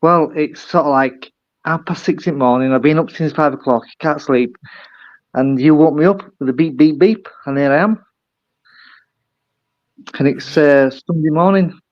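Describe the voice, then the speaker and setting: A man's voice: on the high side, moderate pace, pauses often, dry recording, lo-fi sound. An older man with a British accent, chatting casually as a guest, rambling and self-deprecating. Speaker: guest caller. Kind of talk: casual chat.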